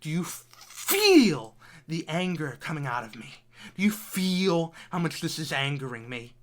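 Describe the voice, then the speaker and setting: A young man in his twenties giving an angry, profanity-filled game critique, repeating himself, swinging between loud outbursts and low, bitter muttering. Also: moderate pace. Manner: furious, profane, repetitive ranting.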